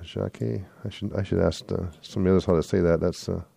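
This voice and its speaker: A man's voice: sits low, flat delivery, fast talker, vocal fry, warm tone, slightly rough, no echo. A man hosting a swing music radio show, reading event listings in a rambling way and correcting his own slips. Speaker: radio host. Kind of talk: casual radio announcements.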